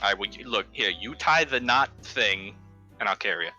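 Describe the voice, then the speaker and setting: A man's voice: on the low side, expressive, normal speed, pushed and bright, soft background music. A man playing a tabletop game, brash and joking, swearing freely in the banter. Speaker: player.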